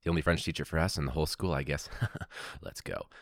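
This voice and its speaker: Podcast host, male, lively swooping delivery, casual rambling storyteller, sudden incredulous outbursts. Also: very deep voice, fast, creaky, no echo, studio quality. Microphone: podcast microphone.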